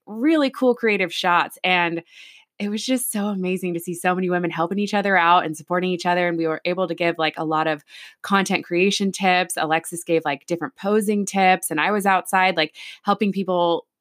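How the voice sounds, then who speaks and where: A woman's voice: fairly low pitch, a bit bright. A woman co-hosting a podcast in casual chat, chatty and giggly, often filling with "like.". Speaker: podcast co-host.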